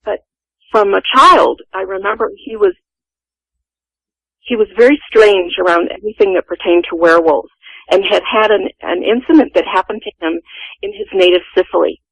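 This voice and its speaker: Woman, sixties, gravelly voice, dry close sound, earnest storyteller. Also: mid-range voice, normal speed, no room sound, poor audio. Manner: earnest, vivid retelling. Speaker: guest telling a personal story. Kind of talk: first-person storytelling.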